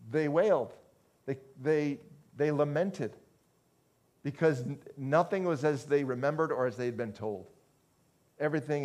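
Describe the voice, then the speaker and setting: A man's voice: on the high side, a little mellow. A man preaching a conversational sermon to a congregation, often restarting phrases and asking the listeners questions. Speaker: pastor.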